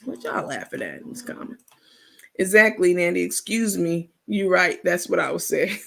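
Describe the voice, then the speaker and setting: Woman host on a late-night livestream, gravelly, sassy, salty, laughs easily, reads the comments. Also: lowish voice, lively intonation, moderate pace. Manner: reads and answers viewer comments.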